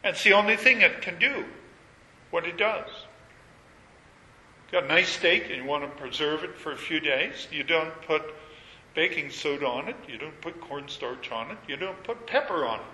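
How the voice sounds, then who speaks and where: A man preaching a sermon, measured and emphatic, leaning on repetition. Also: on the high side, expressive, sharp tone, a little hiss or hum. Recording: echoey hall with long reverb.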